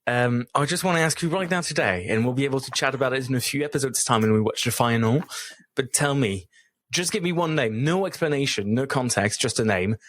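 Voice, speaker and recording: A man's voice: mid-range voice, a little fast, fairly bright tone, dry recording. Male podcast host, upbeat, mid-range voice, keeps things moving. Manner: upbeat, steers the segments. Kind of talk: casual podcast chat.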